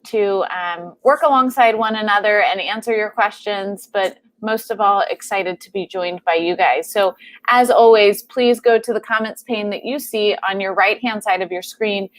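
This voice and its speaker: A woman's voice: mid-range voice, normal speed, no room sound. A woman in her thirties, a clinician, hosting a live stream Q&A with upbeat, chatty announcements. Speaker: host and clinician.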